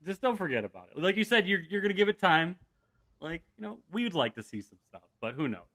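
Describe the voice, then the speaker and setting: A man's voice: high voice, very animated, fast, pushed and bright. A man hosting a live stream, casually reading out viewer questions with an easygoing manner. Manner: easygoing, laughs often. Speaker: stream host.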